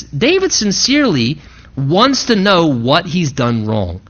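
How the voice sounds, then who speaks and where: Male pastor, expressive pitch, teaching a sermon on a dull lo-fi recording. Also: slow pace. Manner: expository Bible teaching, dramatizing quoted lines.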